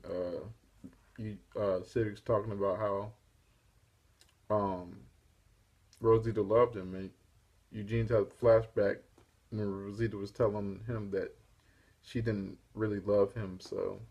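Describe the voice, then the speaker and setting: A man with a gravelly, rough-edged voice recaps a comic issue in a loose, rambling way. His voice sits fairly low, and he talks like he is chatting with a friend. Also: darkish tone. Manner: rambling, laid-back plot retelling. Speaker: comic book reviewer. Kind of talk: casual spoken comic recap.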